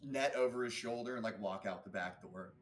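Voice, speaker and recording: A man's voice: mid-range voice, fairly quick. A man narrating as game master in a tabletop role-play game, loosely and with laughter.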